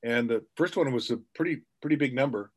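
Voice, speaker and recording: A man's voice: mid-range voice, fairly quick. A middle-aged man, a sales trainer, telling anecdotes in a podcast interview and acting out the quotes.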